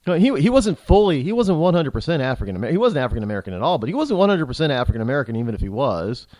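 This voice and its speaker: Guy talking high with a lot of swing in his voice, rambly and worked up, keeps restarting, dry close sound. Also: big pitch swings, racing, darkish tone, dry recording. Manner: rambling and indignant, with frequent restarts and repeated words. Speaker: talk show host. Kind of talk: political commentary monologue.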